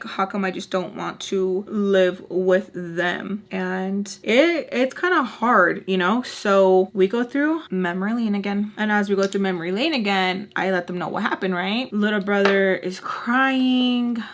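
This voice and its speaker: A young woman vlogger telling a personal storytime, frank and animated, acting out the people she quotes. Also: mid-range voice. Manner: animated, acts out quoted voices, frank and salty. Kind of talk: casual storytelling.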